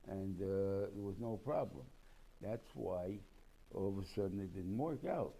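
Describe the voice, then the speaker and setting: A man's voice: low voice, normal speed, gravelly, warm tone, a little hiss or hum, rough recording. A man teaching an informal Torah class as a rabbi, in a rambling, conversational way, mixing in Hebrew and Yiddish terms and acting out bits of dialogue. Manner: acts out dialogue between figures.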